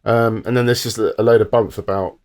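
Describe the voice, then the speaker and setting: A man's voice: on the low side, steady tone, brisk. A man co-hosting a podcast, reading out odd news stories with dry asides in casual chat.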